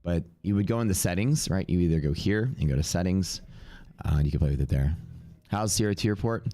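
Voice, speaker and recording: Young adult male streamer, deep voice, sniffly with a cold, casual thinking-aloud commentary. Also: brisk, dark tone. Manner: offhand, thinking aloud while reading out numbers. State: congested with sniffles. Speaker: live-stream day trader.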